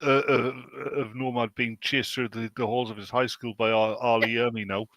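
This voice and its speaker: A man's voice: medium pitch, level tone, moderate pace, a bit bright, dry recording. Joking man in a dry-sounding room. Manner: joking, teasing questions. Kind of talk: casual chat.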